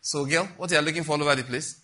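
A man preaching with a bright, forceful voice that has a husky edge. He sits a little high for a man and tells his stories with animation, slipping into the voices of the people he describes. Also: racing. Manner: animated storytelling, acts out quoted voices. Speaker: pastor. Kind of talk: sermon with personal stories.

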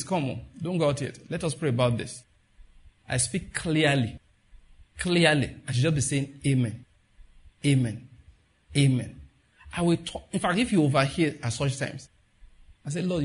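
A male pastor giving a sermon in a loose, conversational way, laughing as he retells stories and acting out the voices he quotes. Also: fairly high pitch.

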